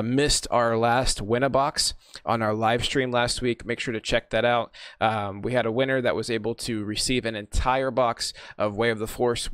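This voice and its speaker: A man's voice: medium pitch, fairly bright tone, clear, resonant tone, no echo, studio quality. Chatty man hosting a podcast. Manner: chatty, enthusiastic, laughs easily. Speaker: podcast host. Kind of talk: casual chat.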